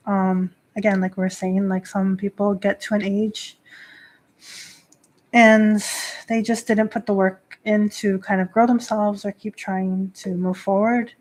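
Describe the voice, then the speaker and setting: With a medium-pitched, darkish voice, a Shinto priestess in her thirties hosts a laid-back livestream talk. She answers chat loosely, full of fillers, and laughs often.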